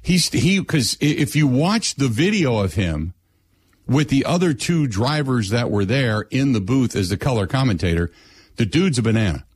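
A man's voice: mid-range voice, moderate pace, slightly rough. A middle-aged man, hosting a casual chat and acting out his own stories. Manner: animated storyteller, acts out his own lines. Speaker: radio show host.

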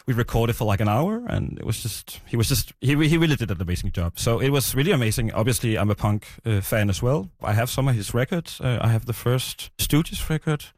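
A man guest in an interview, answering haltingly, with frequent "uh"s and restarts. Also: medium pitch, expressive, darkish tone, no room sound, studio quality. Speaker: podcast creator, guest.

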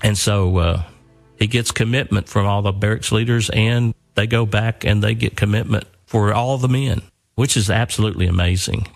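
A man's voice: fairly low pitch, normal speed, vocal fry, faint music behind. An older man earnestly telling a personal story, often repeating and restarting his words.

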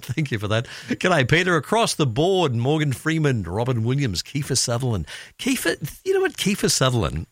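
A man's voice: medium pitch, no echo. An Australian man hosting afternoon radio, chatting and laughing as he reads out listener comments. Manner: chatty, laughs often, lively delivery. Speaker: radio presenter. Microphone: studio microphone.

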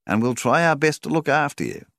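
A polite, reassuring bank manager, read by a man. The voice is pitched well up from the reader's deep tone, close and dry. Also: sing-song, fairly quick, gravelly, fairly bright tone, no room sound, exaggerated voice. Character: polite middle-aged male bank manager.

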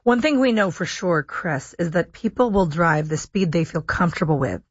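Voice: mid-range voice, normal speed, slightly rough, no room sound, dull audio. A radio host interviewing a guest in a conversational way and asking pointed questions.

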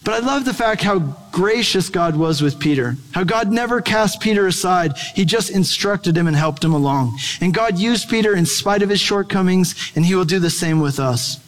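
High-voiced man preaching in a reverberant hall. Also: animated, normal speed, few pauses. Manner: conversational, playful asides. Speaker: pastor. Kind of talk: sermon.

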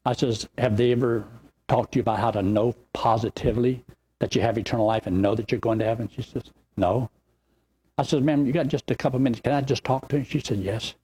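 An older pastor with a drawl rambles warmly through a story-filled sermon. His voice has a husky, slightly rough edge at a middle pitch, and he tells his tales in an animated, folksy way. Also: fast.

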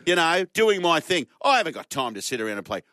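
A man's voice: on the high side, sing-song, fast talker, pushed and bright, no echo, clean studio sound. A man with an Australian accent hosting a radio sports show, teasing his panel in a mock-indignant way. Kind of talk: casual studio banter.

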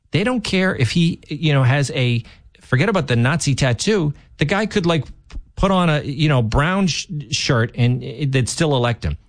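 A man's voice: mid-range voice, dry recording, studio quality. A man filling in as a talk radio host, giving opinionated political commentary with emphatic, restarting delivery.

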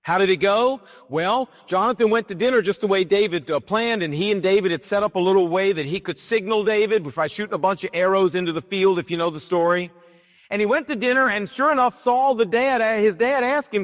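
A man's voice: sits high, expressive, fairly quick. A male pastor preaching a sermon, telling a Bible story emphatically and dramatically. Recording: long hall reverb.

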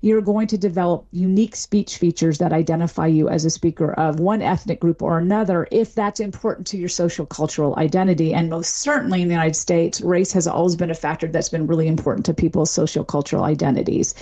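Woman linguistics professor explaining calmly. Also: fairly low pitch. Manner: measured, academic, thinks aloud with fillers. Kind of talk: explanatory interview answers.

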